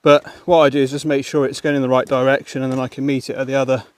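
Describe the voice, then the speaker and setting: A man's voice: medium pitch, level tone, racing, no room sound. A man walking a muddy woodland path outdoors, chatting to viewers in a casual commentary with muttered asides and mild exclamations. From England. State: panting while climbing a muddy hill. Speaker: walking vlogger.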